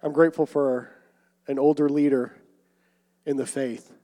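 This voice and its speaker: A young man preaching a sermon, swinging between loud emphatic calls and quiet asides. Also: mid-range voice, steady tone, measured pace. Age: young adult. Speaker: pastor. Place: church sanctuary. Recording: long hall reverb.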